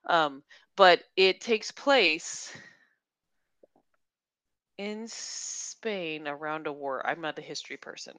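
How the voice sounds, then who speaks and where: A woman's voice: low voice, expressive, slow, pauses often, a bit bright, smooth, dry recording. A young woman co-hosting a book podcast, chatting enthusiastically and laughing often. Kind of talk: casual chat.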